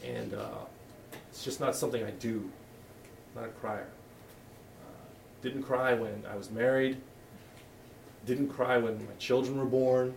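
Gravelly-voiced pastor preaching a sermon. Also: male voice, medium pitch, expressive, a little slow, long pauses, a little mellow, slight background noise. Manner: candid, conversational, with frequent restarts. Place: church hall. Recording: echoey room, voice from a distance.

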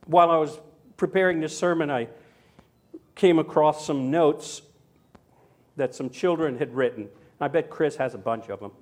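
A man's voice: a little high, moderate pace, long pauses. An older man preaching a sermon in a chatty, anecdotal way, with frequent asides and tag questions. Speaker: pastor. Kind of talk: sermon with personal story.

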